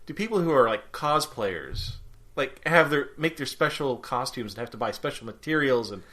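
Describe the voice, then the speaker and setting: A man's voice: mid-range voice, normal speed. A man in his forties co-hosting a podcast, telling stories in casual chat and acting out the quotes. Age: 40s. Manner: animated storyteller, acts out quotes. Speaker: podcast co-host.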